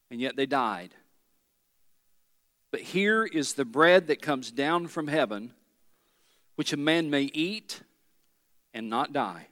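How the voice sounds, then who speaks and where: A pastor preaches an emphatic sermon in a large church, calling out questions to the congregation. His mid-range voice has a fairly bright tone, and the recording carries long hall reverb.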